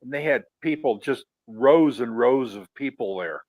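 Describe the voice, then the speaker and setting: A man with a mid-range voice chats casually as co-host of a livestream. He tells his stories in a relaxed, conversational way. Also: mid-range voice, normal speed, poor audio. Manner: storytelling, chatty.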